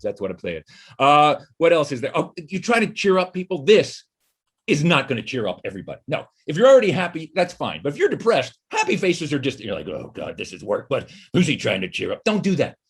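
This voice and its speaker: A middle-aged man talks fast from his home office, riffing on video-call habits in a wry comedy monologue. His voice is a touch husky, and his pitch jumps all over as he slips into mocking voices. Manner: animated, wry, quick asides and mock voices.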